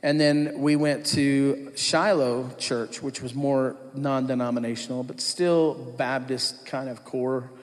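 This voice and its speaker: A man's voice: medium pitch, fairly even intonation, slow, few pauses. A man telling his personal testimony to a church congregation in a conversational storytelling way, acting out what others said. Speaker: church worship leader giving his testimony. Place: church sanctuary. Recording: long church-hall reverb.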